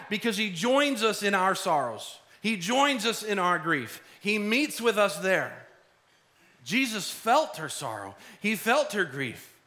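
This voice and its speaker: A pastor preaching a sermon in an earnest, conversational way, acting out short asides. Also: male voice, high voice, pushed and bright.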